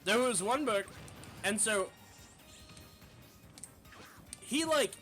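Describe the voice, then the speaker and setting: A streamer spins a casual, profanity-laced story in a high, bright voice. His pitch jumps all over the place as he talks, and faint music plays behind him. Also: extremely slow. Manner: profane, animated, with lots of fillers.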